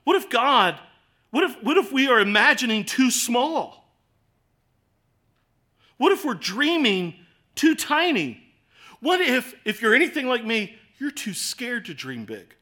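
Bright-voiced earnest male preacher. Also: very high-pitched. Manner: earnest, swings from hushed to impassioned. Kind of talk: sermon.

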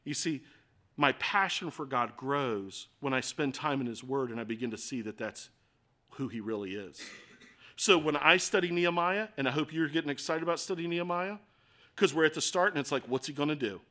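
A male pastor with a high, bright voice delivers an impassioned sermon. He shifts between hushed earnestness and rising, emphatic declarations, punctuated by rhetorical questions. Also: brisk. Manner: builds from quiet intensity to loud, passionate preaching.

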